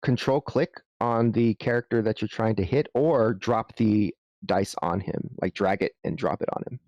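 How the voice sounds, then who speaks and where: A man running a tabletop game as game master, explaining rules in a halting way with frequent restarts. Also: on the low side, a little mellow, dry recording, muffled recording.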